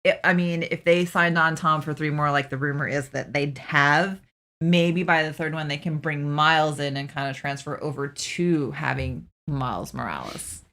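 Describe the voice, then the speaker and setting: A woman with a notably low voice joins a relaxed chat about a film. She is talkative and laughs easily, often cutting in before the other person has finished his thought. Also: normal speed. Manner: chatty, laughs easily, jumps in mid-sentence. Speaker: co-host guest. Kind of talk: casual movie discussion.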